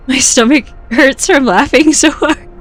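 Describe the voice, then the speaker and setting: High-voiced, giggly woman streamer. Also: slightly rough. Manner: playful, giggly banter. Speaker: game streamer. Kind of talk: casual live-stream chat.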